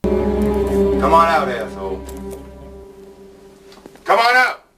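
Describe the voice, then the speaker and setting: A man's voice: high voice, sing-song, drawn-out words, exaggerated voice. Threatening male gangster, raised voice, roomy distant film audio with faint music. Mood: menacing. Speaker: film character. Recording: echoey old film clip from afar with music.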